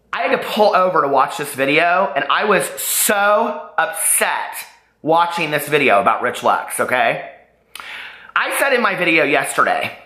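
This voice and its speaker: Upset man ranting on a vlog, lively swinging pitch, bright tone, roomy echo. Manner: upset, agitated, rambling with restarts. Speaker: YouTuber responding to allegations. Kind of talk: emotional vlog rant.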